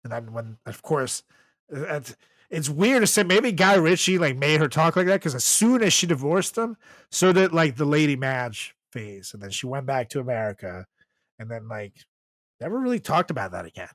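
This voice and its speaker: A man's voice: on the high side, very animated, normal speed, a bit bright, no room sound. A man in his thirties co-hosting a comedy podcast, riffing in a profane, laughing, casual way. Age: 30s. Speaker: podcast co-host.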